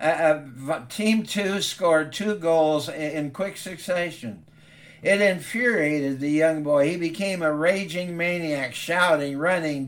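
Man preaching a heartfelt story sermon, earnest and stammering, voice on the higher side.

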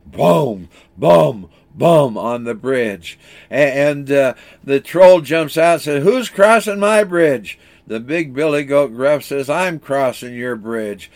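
A man preaching a sermon and telling a folk story, earnest and plain-spoken, with halting restarts. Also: on the high side.

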